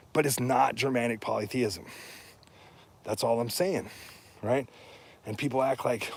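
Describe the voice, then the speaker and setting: Blunt, husky-voiced man ranting. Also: mid-range voice. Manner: blunt, emphatic, rising to indignant rhetorical questions. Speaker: podcast guest or host discussing heathen religion. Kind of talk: casual opinionated talk.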